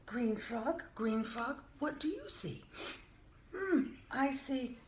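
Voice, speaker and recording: An older woman reading a picture book aloud to young children, gentle and playful, often dropping to a soft whisper. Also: high-pitched, sing-song, takes it slowly. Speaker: children's storyteller. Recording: echoey room with faint hiss.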